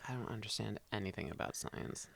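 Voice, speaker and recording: A man's voice: on the low side, a little fast, creaky, no echo. A man co-hosting a podcast who chimes in with short, dry remarks in casual chat. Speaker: podcast co-host.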